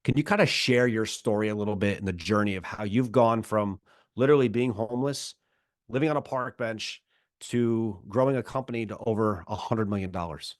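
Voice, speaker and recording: A man's voice: on the low side, a little fast, no room sound, studio quality. Upbeat male podcast host. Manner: upbeat, enthusiastic. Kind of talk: casual podcast interview.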